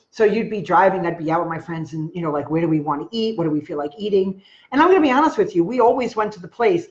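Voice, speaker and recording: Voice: mid-range voice, muffled recording. A live-stream host with a Long Island New York accent, talking casually and rambling to viewers with lots of filler words and greeting them by name.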